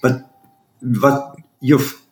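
Brief: lively male guest storyteller, mid-pitched, roomy room sound. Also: extremely slow. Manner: animated, acts out voices, swears casually. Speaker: actor and guest. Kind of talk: casual anecdote telling.

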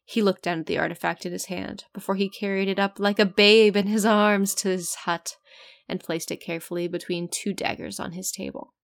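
A woman's voice: mid-range voice, steady tone, a little fast, gravelly. A woman reading a fan story aloud in a casual way, often stopping to laugh and joke about the text. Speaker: fan fiction reader.

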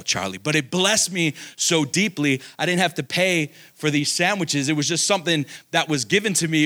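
High, bright-voiced earnest pastor. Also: male voice. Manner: animated, earnest, builds to fervent preaching. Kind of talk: casual storytelling turning to preaching.

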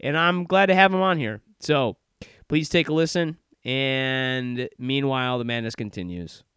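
A man's voice: mid-range voice, measured pace, fairly bright tone, clear, resonant tone. A young man hosting his podcast, rambling through a casual self-deprecating intro in a sardonic tone. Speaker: podcast host. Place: office in Chicago.

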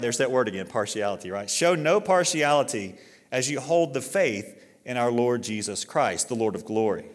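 Middle-aged man, pastor, conversational sermon, fillers and restarts, mid-pitched voice, long church-hall reverb. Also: lively intonation, normal speed. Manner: conversational preaching with fillers and restarts, rising when reading scripture. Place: church sanctuary.

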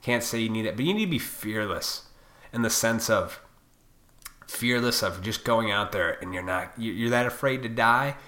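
A man's voice: on the low side, expressive, normal speed, pushed and bright. A man hosting his own podcast, ranting profanely and combatively, now and then mocking other people in put-on voices. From Illinois. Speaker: podcast host.

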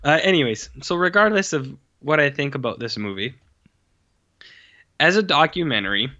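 A man's voice: on the high side, animated, normal speed, bright, forceful tone, highs cut off. A man co-hosting a casual film review podcast, rambling and profane, slipping into mocking voices when he quotes people. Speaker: podcast co-host. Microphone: own microphone with mute.

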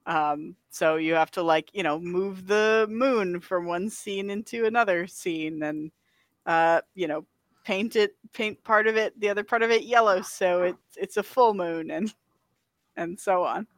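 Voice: mid-range voice, unhurried, a bit bright, dry recording, clean studio sound. A podcast co-host in casual chat, rambling with many filler words and frequent laughs. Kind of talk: casual chat about a video game.

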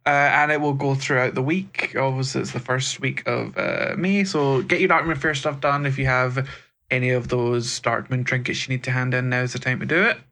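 A man's voice: medium pitch, steady tone, normal speed, pushed and bright. A man with a Scottish accent co-hosting a gaming podcast, chatting casually and rambling a little. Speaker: podcast co-host.

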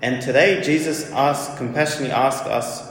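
A man's voice: mid-range voice, fairly even intonation, normal speed, a little hiss or hum. Man preaching a homily in an echoey church. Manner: earnest storytelling, repeats key questions.

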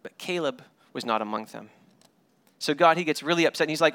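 A man preaching a sermon as pastor, animated and storytelling, often repeating words as he restarts. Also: fairly high pitch, fairly quick, dry recording. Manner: animated storytelling with paraphrased dialogue; frequent word repeats and restarts.

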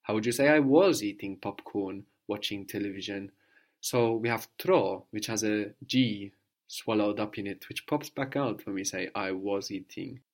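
Lowish-voiced guy tutoring one on one, patient, keeps asking questions. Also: normal speed. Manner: patient, prompting questions, repeats answers. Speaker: language teacher. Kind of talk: one-to-one Greek lesson.

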